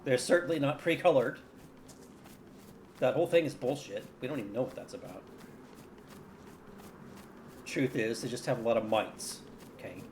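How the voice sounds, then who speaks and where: A man's voice: mid-range voice, normal speed, long pauses, a little mellow, a little hiss or hum. A man streaming a survival game, chatting casually with viewers in a wry, profane, often muttered way. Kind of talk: casual gameplay commentary.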